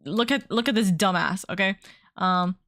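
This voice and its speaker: A woman streaming from home as a VTuber, chatting casually in a rambling, excitable way and swearing freely. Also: mid-range voice, normal speed, no echo, studio quality. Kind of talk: casual livestream chat.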